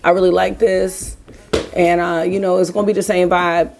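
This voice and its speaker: A woman's voice: on the low side, little pitch movement, normal speed, gravelly, noisy background. A woman in her thirties talking casually and rambling to viewers while doing her makeup at home. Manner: rambling, chatty, talks straight to viewers. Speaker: beauty vlogger. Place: home, getting ready in the morning.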